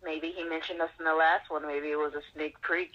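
A woman guest on a podcast, joining in with playful, animated banter. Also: sits low, brisk, lo-fi sound. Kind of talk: casual podcast chat.

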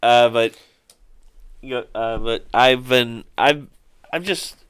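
A man hosting a laid-back podcast, rambling through stories with lots of "like" and "uh". His voice is bright and crisp, smooth and clean. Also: medium pitch, slow. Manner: rambling, animated storytelling with fillers. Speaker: podcast host. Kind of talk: casual chat.

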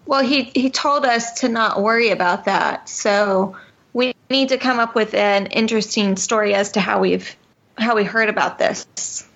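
A woman's voice: medium pitch, unhurried, gravelly, fairly bright tone. A woman playing a tabletop game, joking and playful. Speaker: player. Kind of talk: casual tabletop role-play. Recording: dull lo-fi recording.

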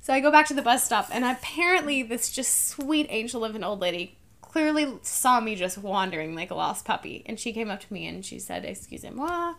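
Bright-voiced young woman telling a travel story. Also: a little high, brisk. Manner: animated storyteller, acts out dialogue, laughs often. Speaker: podcast co-host.

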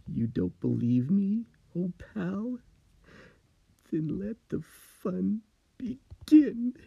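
A man's voice: sits high, big pitch swings, extremely slow, gravelly, husky, dry recording, muffled recording, pitched above the performer's own voice, heavily acted. A man voicing a frightened, giggling man haunted by something, in a spooky story, speaking in a panicky, manic rush. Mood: frantic. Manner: panicky, manic, breathless pleading.

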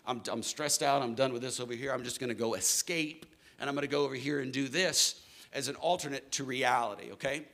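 A man's voice: mid-range voice, brisk, fairly bright tone. A man in his thirties preaching a sermon in a church hall, earnest and building to emphatic declarations. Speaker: pastor.

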